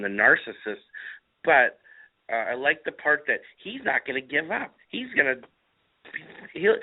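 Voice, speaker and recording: A man's voice: medium pitch, vocal fry. A man talking casually on political talk radio, rambling and emphatic, often repeating himself. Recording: narrow phone-like radio sound.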